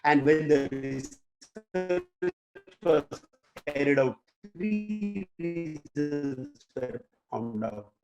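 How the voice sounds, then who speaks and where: A man's voice: fairly high pitch, lively intonation, drawn-out words, pauses often, over music. A man with an Indian English accent, a corporate trainer telling a motivational story and speaking directly to his audience.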